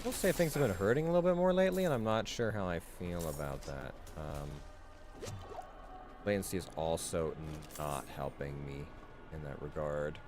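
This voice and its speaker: A man's voice: deep voice, expressive, moderate pace, music in the background. A man streaming a hardcore game run, rambling casually with fillers and restarts as he thinks aloud. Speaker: gaming streamer. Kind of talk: casual gameplay commentary.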